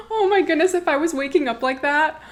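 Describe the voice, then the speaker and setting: A woman hosting a casual reaction chat, chatty and quick to laugh as she tells stories. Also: sits high. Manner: chatty, laughs often, animated quoting. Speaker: host reacting to comedy clips.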